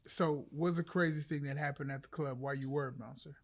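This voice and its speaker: A man hosting a casual interview, laid-back and slangy, quick to laugh. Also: on the high side, fairly even intonation.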